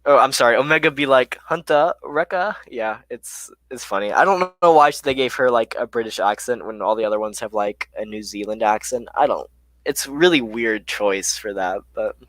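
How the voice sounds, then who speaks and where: A man's voice: medium pitch, no room sound. Young man chatting casually on a live stream. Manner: reads chat questions aloud, relaxed and chatty with many fillers. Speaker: live stream host answering viewer chat.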